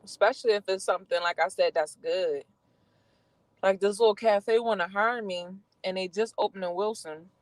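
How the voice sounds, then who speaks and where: A vlogger chatting casually while driving, bursting into excited exclamations. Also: mid-range voice, moderate pace, no echo, low-quality recording. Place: car on the road. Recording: loud road noise from driving.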